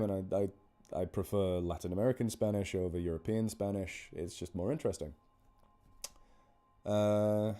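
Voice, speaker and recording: A man with a fairly low, mellow voice talks casually on a live stream, rambling a little and poking fun at himself. He thanks donors warmly by name between horror readings. Soft music plays faintly behind him. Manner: rambling, self-deprecating, chatty. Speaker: horror story narrator on a charity live stream. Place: indoors at home.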